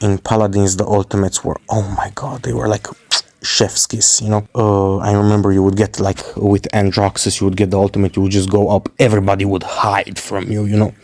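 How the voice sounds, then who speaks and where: A male streamer giving a casual, excitable gaming opinion, rambling with lots of "like" and frequent swearing. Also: fairly low pitch, no room sound. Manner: excitable, rambling, profane, heavy use of "like".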